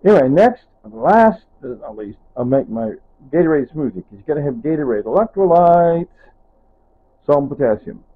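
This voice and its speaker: A man's voice: fairly high pitch, big pitch swings, moderate pace. Guy rambling in his kitchen vlog, keeps trailing off, sounds tinny like over a phone. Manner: rambling and digressive, often trailing off with "anyway" and "whatever". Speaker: vlogger. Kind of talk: casual kitchen vlog narration. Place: home kitchen.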